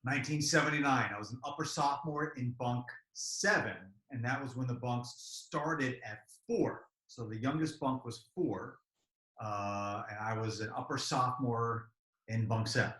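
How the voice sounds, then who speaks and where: A man in his fifties, a camp alumnus, recalling old memories in an interview and growing lively when he repeats old cheers. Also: mid-range voice, normal speed. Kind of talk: reminiscing interview answers. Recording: echoey room.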